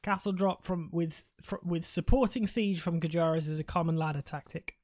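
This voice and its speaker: A man's voice: on the high side, fairly even intonation, normal speed, a little mellow. Rambling British man casting games. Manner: rambling, jokey, self-interrupting. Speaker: esports caster. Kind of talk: live game commentary.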